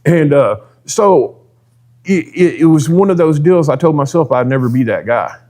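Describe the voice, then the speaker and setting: A man's voice: a little high, animated, normal speed, warm tone. A man, a drag racer telling his story as a podcast guest in a rambling, folksy way. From Texas. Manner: rambling, folksy, peppered with "dude" and quoted dialogue. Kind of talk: casual storytelling.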